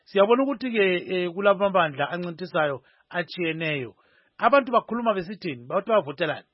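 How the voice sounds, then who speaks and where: Halting male radio host, dry dull sound. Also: high-pitched, lively intonation, no echo. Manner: halting, many fillers. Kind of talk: radio news interview.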